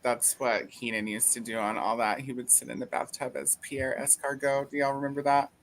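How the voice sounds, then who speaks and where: A woman's voice: brisk, a little hiss or hum. A woman hosting a casual group video chat, laughing often as she talks. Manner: giggly, laughs often, lively pitch. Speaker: livestream host.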